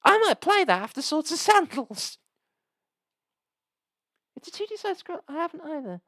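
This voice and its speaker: A woman's voice: high voice, very animated, moderate pace, fairly bright tone, no echo. Chatty woman streaming games. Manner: rambling, chatty, lots of restarts and asides. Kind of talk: casual live game stream chat.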